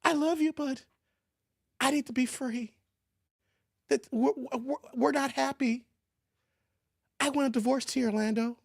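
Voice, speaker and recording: A man voicing a wife who hesitantly asks her husband for a divorce, soft and stammering. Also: very high-pitched, steady tone, unhurried, creaky, pauses often, no echo, clean studio sound, voice pushed up, heavily acted. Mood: pleading.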